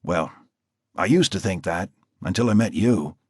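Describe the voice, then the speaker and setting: A man's voice: deep voice, lively intonation, moderate pace, husky, no echo, clean studio sound. A man voicing a blunt, world-weary biker who talks crudely in an audiobook. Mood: gruff. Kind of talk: audiobook character voice.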